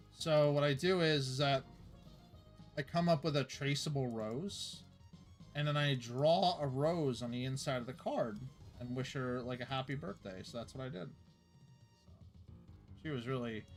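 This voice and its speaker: A young man, a streamer, telling a story in a rambling, casual way, with fillers and laughs. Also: medium pitch.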